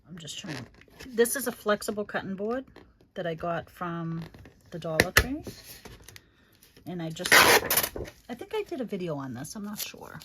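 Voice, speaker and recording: A woman's voice: fairly low pitch, sing-song, normal speed, pauses often, very noisy. A middle-aged woman hosting a crafting livestream, chatting casually and fondly, calling viewers honey and rambling with many fillers.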